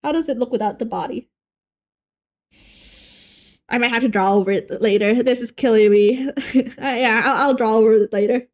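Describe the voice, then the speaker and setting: A woman's voice: a little high, normal speed, pauses often. A young woman chatting playfully with her live-stream viewers while she draws, joking around and often restarting her sentences. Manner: playful and animated, joking with chat, frequent restarts. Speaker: art streamer. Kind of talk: casual live-stream chat while drawing.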